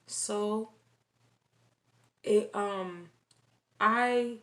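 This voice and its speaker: Slow, halting woman recounting a dream. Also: medium pitch, fairly even intonation, a bit bright. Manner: halting, repeats phrases, many restarts. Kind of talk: casual spoken testimony.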